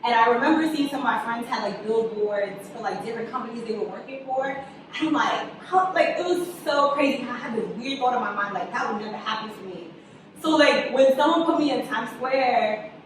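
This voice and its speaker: Animated young woman talking in an interview, kinda high voice, echoey room, mic far off with some noise. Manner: animated storyteller, acts out quotes, laughs often. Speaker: guest, writer and director. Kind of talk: casual interview chat.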